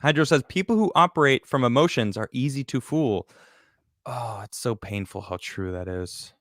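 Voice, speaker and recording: A man hosting a casual political talk show, reading viewer comments and joking in an animated, emphatic way. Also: medium pitch, normal speed, dry recording, clean studio sound. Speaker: podcast host reading super chats.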